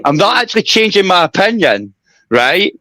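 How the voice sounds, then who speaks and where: A man's voice: high-pitched, big pitch swings, normal speed, pushed and bright, no echo. A man arguing on a live stream, swearing, mocking and talking over others. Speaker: stream participant. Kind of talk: heated argument.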